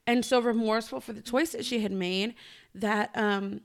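A woman in her thirties chats on a casual faith-based podcast. She tells a family story earnestly, slipping into the voices of the people in it. Her voice sits a little high. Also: fairly even intonation, moderate pace, creaky. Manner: earnest storytelling, acts out dialogue. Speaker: podcast co-host.

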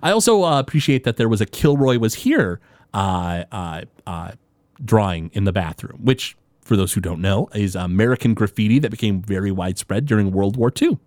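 Guy on a podcast walking through a tv episode, lots of uh and you know, pitch bouncing all over, dry close sound. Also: moderate pace, no room sound. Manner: animated storyteller, many fillers and restarts. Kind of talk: casual chat recapping a TV episode.

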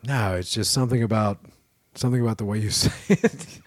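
A man's voice: fairly low pitch, a little fast, heavy background noise. A man co-hosting a casual podcast, chatting loosely and laughing often as he reads things off his phone. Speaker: podcast co-host. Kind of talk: casual chat.

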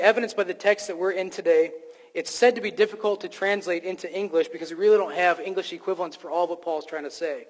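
An emphatic man preaching, his voice pitched high and full of restarts and fillers as he presses his point. His voice rings out with the long reverb of a large hall. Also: fairly even intonation, fast talker. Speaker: pastor. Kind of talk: sermon.

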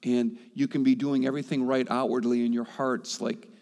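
A man preaching a sermon with passion, swinging from loud, high appeals to soft, quiet asides and repeating himself as he presses a point. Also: little pitch movement, moderate pace, big-room sound. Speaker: pastor.

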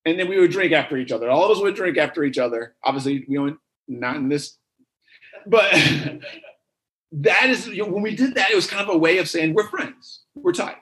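A man preaching a sermon, telling a story with lively repeated phrases. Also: on the high side, moderate pace, poor audio.

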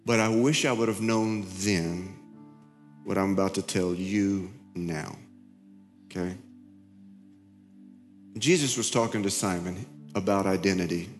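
A middle-aged man preaching a sermon in a conversational, confessional way, telling a story with many halting restarts. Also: low voice, big-room sound, soft background music. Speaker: pastor.

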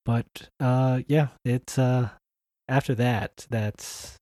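A man co-hosting a casual podcast. He talks in a hesitant, low-key way and leans heavily on filler words. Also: steady tone, extremely slow, mellow, no echo. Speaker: podcast co-host.

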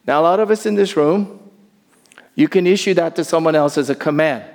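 A male pastor with a high-pitched voice delivers a lively sermon in a church sanctuary, where a long reverb trails his words. His preaching is animated, though he slows down at points for soft emphasis.

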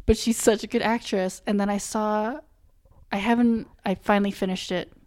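A woman co-hosting a casual chat about a TV show, talking in a blunt, animated way and laughing easily. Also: mid-range voice, normal speed.

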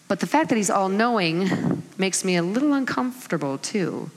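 A woman's voice: medium pitch, normal speed, in a large hall. A middle-aged woman giving a sermon, telling stories with laughter and acting out voices, mother of kids. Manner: animated storytelling with laughs and acted-out voices. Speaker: speaker at a church talk.

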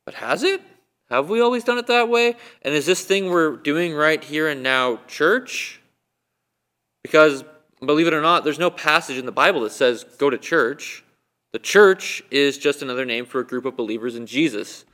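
A guest preacher with a fairly high, slightly bright voice delivers a conversational sermon, asking his listeners a string of questions. It's recorded in a church for online viewing.

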